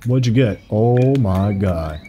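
Wry low-voiced young gamer. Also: male voice, lively intonation, takes it slowly, highs cut off, very noisy. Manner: joking, wry commentary. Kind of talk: casual gaming chat.

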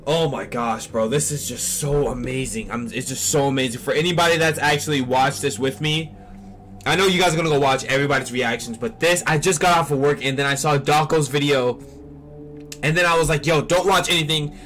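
A young man hosting a casual reaction vlog on a desk mic, rambling excitedly and repeating himself. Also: on the high side, brisk, soft background music. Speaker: channel host reacting to a trailer.

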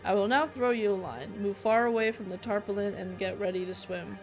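A calm, menacing male sea officer from a narrative game speaks in measured, courteous threats, read out by a woman. The voice sits at a middle pitch. Faint game music plays underneath. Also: natural voice.

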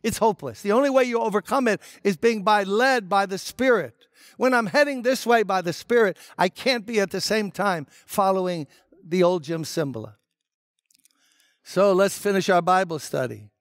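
High-voiced emphatic male preacher, dry sound. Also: moderate pace, no echo. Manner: emphatic, conversational preaching with rhetorical questions. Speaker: pastor. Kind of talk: sermon.

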